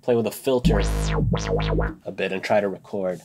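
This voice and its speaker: A young man talking casually as he works in his home music studio, thinking out loud about each step of composing. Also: fairly low pitch, normal speed. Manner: relaxed, thinking aloud while composing. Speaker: music composer and video host. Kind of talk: casual studio vlog narration.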